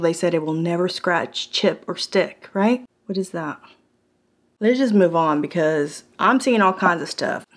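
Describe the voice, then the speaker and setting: Woman vlogger, playful casual talk while cooking at home. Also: medium pitch. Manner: playful, joking, laughs often. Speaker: product reviewer. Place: home kitchen.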